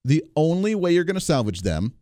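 A man's voice: a little high, big pitch swings, fairly quick, warm tone, no echo, clean studio sound. Blunt opinionated radio host, a man. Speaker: radio talk show host. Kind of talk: political talk radio commentary.

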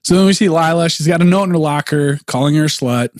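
A man's voice: fairly high pitch, quick pace, no room sound, clean studio sound. A man co-hosting a podcast, recapping an episode in a wry, laughing way. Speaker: podcast co-host.

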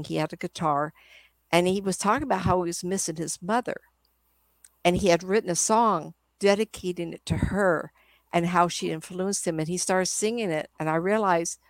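A woman's voice: lowish voice, steady tone, moderate pace, dry recording. An older woman, a psychic medium guest, telling rambling stories in a casual interview. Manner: rambling, chatty storyteller.

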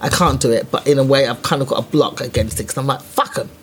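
A woman's voice: extremely low pitch, steady tone, very fast, a little hiss or hum. A woman stand-up comedian in casual chat, talking bluntly with plenty of swearing. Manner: blunt, sweary, self-deprecating.

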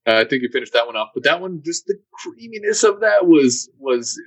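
A man's voice: on the high side, very animated, a little fast, breathy edge, no echo, rough recording. Stammering man in casual podcast chat. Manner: stammering, repeats words often. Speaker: podcast co-host.

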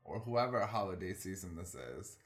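A man's voice: deep voice, expressive, moderate pace, fairly bright tone. A man co-hosting a podcast in laid-back casual chat who laughs easily. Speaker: podcast co-host.

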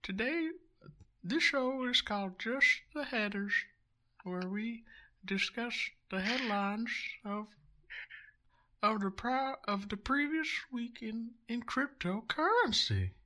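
A man doing a wavering, drawn-out voice of a creepy old man for a joke on a podcast. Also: extremely high pitch, animated, bright, forceful tone, pitched above the performer's own voice, full character voice.

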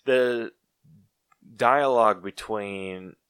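A man with a fairly low voice chats casually on a podcast, giving blunt opinions and laughing easily. The sound is dry and close, with no room around it. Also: very slow, fairly bright tone, clear, resonant tone, no echo. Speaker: podcast co-host. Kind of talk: casual movie review chat.

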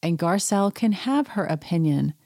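A woman's voice: fairly low pitch, expressive, moderate pace, dark tone, dry recording, studio quality. A woman recapping a reality show at home, indignant and sarcastic, mocking the cast in put-on voices. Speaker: podcast recap host. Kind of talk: casual chat.

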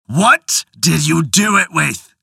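A storyteller voicing an exasperated husband who questions his wife slowly and forcefully. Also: medium pitch, animated, creaky, husky, dry recording, studio quality, full character voice. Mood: angry. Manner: slow, forceful, demanding. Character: angry exasperated husband, tailor. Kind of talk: storytelling voice acting.

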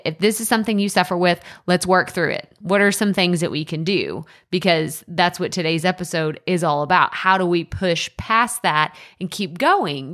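A woman's voice: fairly low pitch, a bit bright. A woman in her thirties with an East Texas accent, hosting a casual solo podcast in a chatty, self-deprecating way full of restarts and asides. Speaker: podcast host and coach. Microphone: podcast microphone.

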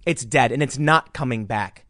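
A man's voice: mid-range voice, moderate pace, bright, forceful tone, no room sound, clean studio sound. An American man giving emphatic, indignant political commentary, often repeating his words. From United States. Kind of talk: opinion commentary.

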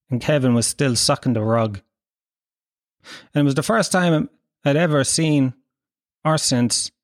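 A man's voice: mid-range voice, dry recording, clean studio sound. A man telling rambling comic stories in a casual, profane, wry way, laughing as he goes.

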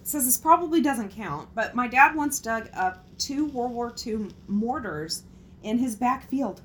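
A woman's voice: fairly high pitch, unhurried, slight background noise. A woman hosting a casual talk show, reading out listener stories and reacting with frank swearing and laughter. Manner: expressive, swears freely, laughs at her own jokes.

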